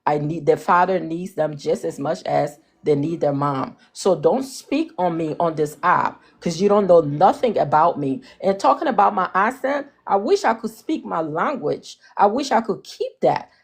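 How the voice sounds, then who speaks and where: A woman's voice: lowish voice, expressive, moderate pace, creaky, few pauses, husky. Defiant woman with a Liberian accent. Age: 40s. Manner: defiant, forceful, lecturing. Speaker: panelist on a live audio discussion. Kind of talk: heated discussion.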